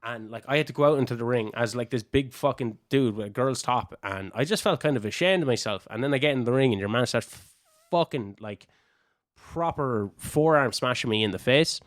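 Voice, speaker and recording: A young Irish man, a wrestler guesting on a podcast, telling casual stories full of swearing and lively asides. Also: mid-range voice, a little fast, dry recording, studio quality. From Ireland. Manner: swears freely, animated anecdotes. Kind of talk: casual storytelling.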